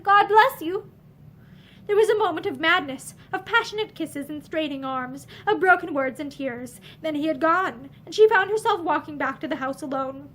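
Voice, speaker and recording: Surrounded by bookshelves indoors, a woman faces the camera and narrates a novel in a measured, expressive way. Her voice sits high, and there's a slight hiss or hum in the audio.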